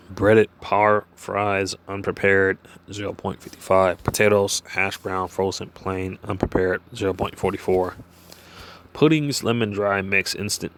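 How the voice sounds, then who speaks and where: A man reading food figures aloud and then wandering into loose, halting asides, full of "uh" and "you know". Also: lowish voice, fairly bright tone. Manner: halting, many fillers and restarts when off script. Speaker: vlogger. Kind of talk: reading from a page and musing aloud.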